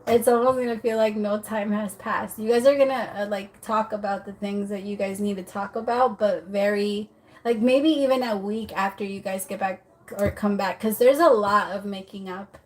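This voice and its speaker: A chatty woman doing a relaxed livestream tarot reading. She giggles often and fills her talk with fillers, trailing off and starting sentences over. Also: mid-range voice, moderate pace. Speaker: tarot reader.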